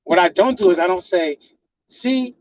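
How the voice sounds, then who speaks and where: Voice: medium pitch, fast talker, no room sound. A channel host lecturing a partner in a heated, confrontational rant full of swearing, on a slightly dull lo-fi recording.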